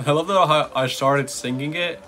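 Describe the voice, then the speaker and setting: A man's voice: on the high side, moderate pace, bright, forceful tone. A young man vlogging in a casual, chatty way, reading aloud and commenting with playful asides.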